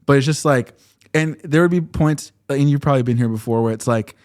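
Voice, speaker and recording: Young male guest, relaxed casual storyteller, filler-heavy, mid-pitched. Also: brisk. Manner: relaxed, laid-back delivery with filler words. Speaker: podcast guest, singer-songwriter.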